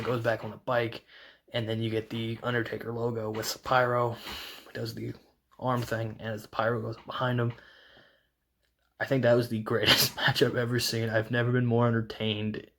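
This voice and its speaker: A man giving a casual, excited recap as a wrestling reviewer, rambling with lots of restarts and fillers. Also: medium pitch, a little hiss or hum. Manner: rambling, fast retelling full of "like" and restarts.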